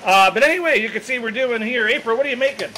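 A man hosts a home cooking vlog with a high, bright voice and an excited, joking manner. He is in a family kitchen, recorded on the camera's mic. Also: quick pace, slight background noise, low-quality recording. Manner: excited, jokey show-host banter. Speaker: vlog host.

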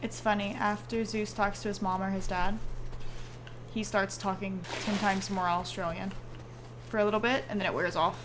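A woman streaming a game, chatting casually and getting excited at cute things. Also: medium pitch, moderate pace, background noise. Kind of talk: casual gaming chat.

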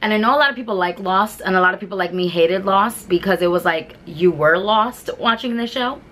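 A chatty woman talks through her favorite shows in a loose, rambling way. She restarts sentences and leans on fillers as she goes. Her voice sits at an ordinary middle pitch for a woman. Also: brisk, fairly bright tone, slight background noise. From New York. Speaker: beauty vlogger. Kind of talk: casual chat reviewing shows.

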